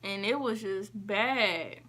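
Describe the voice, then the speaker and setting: A woman vlogger telling a story in a casual, emphatic way, acting out what people said and shifting between quick and drawn-out phrases. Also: medium pitch. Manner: emphatic, animated retelling with quoted dialogue.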